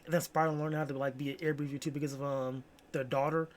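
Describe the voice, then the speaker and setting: Young male vlogger, slightly higher voice, loose slangy rambling, lots of "like" and "bro". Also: flat delivery, fast talker, slight background noise. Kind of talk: casual solo chat.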